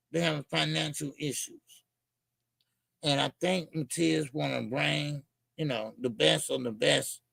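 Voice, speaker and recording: Gravelly high-voiced man ranting about boxing. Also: dry recording. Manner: animated, blunt and profane, ranting. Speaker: boxing show host. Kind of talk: casual boxing commentary.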